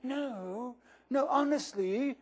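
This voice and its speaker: A man's voice: very high voice, slow pace, breathy edge, voice pushed up, full character voice. A man voicing a bossy, insistent teenage schoolgirl hurrying to reassure someone, reading a children's novel aloud.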